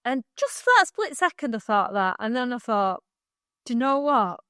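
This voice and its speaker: A woman's voice: a little high, very animated, moderate pace, a bit bright, dry recording. Dry-sounding woman telling stories. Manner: rambling, heartfelt storytelling with laughs. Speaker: podcast co-host. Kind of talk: casual chat.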